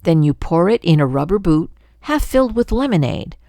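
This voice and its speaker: A woman's voice: fairly low pitch, big pitch swings, moderate pace, dark tone, dry recording, clean studio sound. An older woman voicing a chatty, pushy male glunk creature in a storybook read-aloud, sweet-talking and jabbering on.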